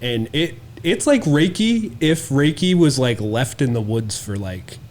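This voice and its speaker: A man's voice: medium pitch, very animated, measured pace, darkish tone. A man co-hosting a podcast, telling a wild story in casual, profane chat and acting out the quotes. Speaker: podcast co-host.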